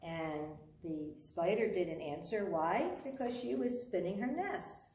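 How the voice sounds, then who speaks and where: A woman reading a picture book aloud for a children's storytime, expressive and asking her young listeners questions along the way. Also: lowish voice, moderate pace, hardly any pauses, slight background noise. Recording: roomy sound from a distant mic.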